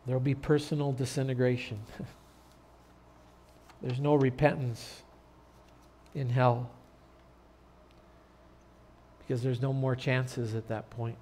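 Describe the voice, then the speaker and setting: A man pastor preaching an earnest sermon in a church, turning loud and dramatic when telling a story. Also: medium pitch, level tone, slow, long pauses, a little hiss or hum. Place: church sanctuary.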